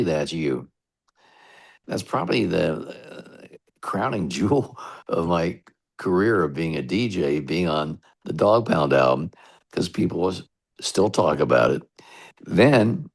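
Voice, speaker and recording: A middle-aged man with a very deep voice and a gravelly edge tells his stories slowly. He wanders off on asides and comes back to the thread in a relaxed interview manner. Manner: relaxed, rambling anecdotes with asides. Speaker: radio DJ guest. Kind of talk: storytelling interview.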